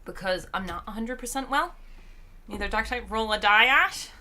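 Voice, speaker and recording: Woman streamer, bright tone, strained tired voice, chatty and rambling. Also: a little high, expressive, normal speed. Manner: chatty, rambling, reads chat aloud. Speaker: game streamer. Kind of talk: casual live-stream chat.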